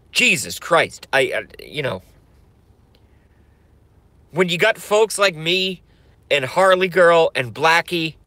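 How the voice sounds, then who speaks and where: A man rants on a livestream, slow and drawn-out, with a bright, forceful tone. His talk is profane and rambling, full of repeated catchphrases, and the sound is close and dry. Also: on the high side, no room sound. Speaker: streamer. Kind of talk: satirical ranting livestream.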